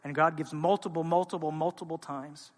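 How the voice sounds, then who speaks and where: A man preaching a sermon as a pastor, speaking with passion and moving between quiet, intimate stretches and loud, urgent ones. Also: fairly high pitch, fairly even intonation, brisk, long reverb tail. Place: church sanctuary.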